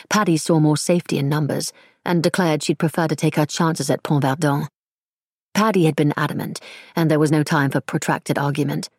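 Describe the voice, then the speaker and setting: A woman reading an audiobook in scripted, measured narration. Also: low-pitched, breathy edge, no echo, clean studio sound.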